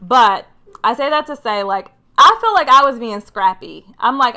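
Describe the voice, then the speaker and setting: Bright, chatty young woman. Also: sits high, moderate pace. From Michigan. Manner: chatty and animated, lots of "like". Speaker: career vlogger. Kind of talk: casual storytelling to camera.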